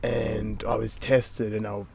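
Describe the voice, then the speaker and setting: A man's voice: on the low side, level tone, takes it slowly, creaky, a little mellow, a little hiss or hum. A young adult man, a podcast guest, telling a personal story in casual chat, swearing freely and dropping into whispers for his inner thoughts.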